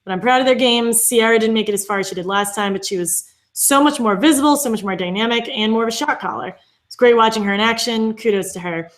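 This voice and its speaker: A woman's voice: a little high, fast. A woman co-hosting a fan show, chatting casually and reading viewer comments aloud. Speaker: podcast co-host.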